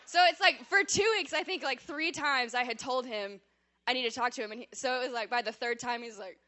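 A woman giving a personal testimony to a church congregation, telling her story in a chatty, animated, self-deprecating way and saying she yells when she talks. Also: high voice, a little fast.

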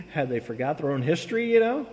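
A man preaching a sermon, reading scripture with casual, animated asides. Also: high-pitched, normal speed. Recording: long hall reverb.

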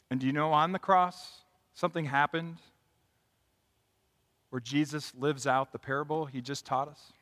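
Bright-voiced man preaching in a reverberant hall. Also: a little high, steady tone, moderate pace, pauses often. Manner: builds from quiet reflection to impassioned emphasis. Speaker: pastor. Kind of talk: sermon.

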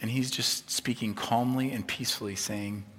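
A man's voice: mid-range voice, steady tone, moderate pace. Man preaching in an echoing hall. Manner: conversational, humorous, swings from soft to emphatic. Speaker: pastor. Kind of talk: sermon. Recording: long reverb of a large hall.

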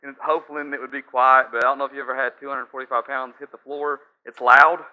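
Man, pastor, sermon, conversational storyteller, mid-pitched voice, dull recording. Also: flat delivery, fast talker. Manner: conversational storytelling with asides to the audience. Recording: slightly dull lo-fi sound.

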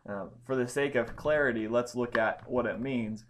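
A man's voice: medium pitch, moderate pace, background noise. A man teaching a Bible study lesson, explaining Greek grammar step by step with frequent ums and restarts.

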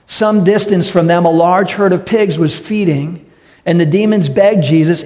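A man's voice: high voice, normal speed, darkish tone, in a large hall. A man preaching a sermon as pastor, direct and emphatic, often asking the congregation rhetorical questions. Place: church sanctuary.

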